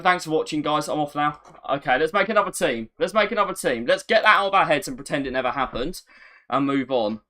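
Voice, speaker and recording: A man chatting on a live stream, excitable and self-mocking, often repeating himself. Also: on the high side. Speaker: gaming streamer. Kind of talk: casual live-stream chat.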